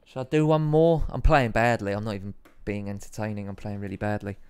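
A man's voice: fairly low pitch, fairly even intonation, fast, a little mellow, a little hiss or hum. A man in his thirties with an Essex accent, casually chatting while streaming a game, reading viewer comments aloud, swearing and mocking his own play. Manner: reads chat aloud while playing, swears, self-deprecating. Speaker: live streamer. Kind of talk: casual gaming stream chat.

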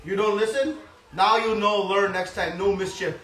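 A man voicing a boastful, scolding elder brother in a loud, indignant, theatrical way, heard from a distance in an echoey room. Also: high voice, fairly even intonation, normal speed. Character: boastful young boy Balaram, blustering elder brother.

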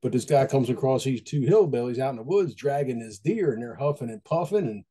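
Folksy man with a mellow voice. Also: mid-range voice, expressive, fairly quick. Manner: folksy, conversational, repeats phrases. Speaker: Christian devotional speaker. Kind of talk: casual devotional talk.

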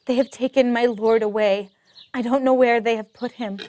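A woman's voice: fairly high pitch, steady tone, normal speed, crowd noise, lightly acted. A woman playing a grieving young woman in a children's Bible story, speaking in an urgent, pleading way.

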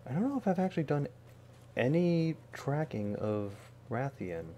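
A man's voice: a little high, very animated, moderate pace, mellow, slight background noise. A man streaming a video game, talking to himself in a casual, wry way with joking asides. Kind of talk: casual gameplay commentary.

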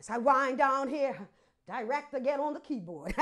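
Woman, pastor, sermon, very high pitch, rousing call-outs, laughing. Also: animated, measured pace, fairly bright tone. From Bermuda.

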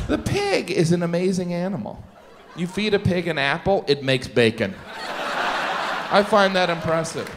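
Middle-aged male comedian, lively pitch. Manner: quick shifts into silly character voices. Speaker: stand-up comedian. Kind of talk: stand-up comedy. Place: stage before a laughing audience. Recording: live show with audience noise.

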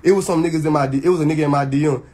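A man's voice: on the high side, steady tone, racing, a little mellow, breathy edge. A man, venting heatedly and emphatically to his viewers, swearing and restarting often. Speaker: social media personality. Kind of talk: venting straight to camera.

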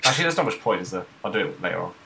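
A man's voice: deep voice, big pitch swings, rapid-fire, gravelly, pushed and bright, a little hiss or hum. A man chatting casually during a co-op game, jokey and teasing. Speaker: gaming host. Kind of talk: casual gaming chat.

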